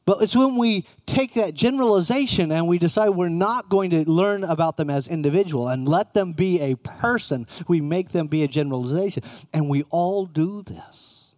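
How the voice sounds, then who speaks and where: A middle-aged man with a high, slightly mellow voice preaches a conversational sermon at normal speed. The recording is studio quality with no room sound, and he frequently puts questions to his listeners.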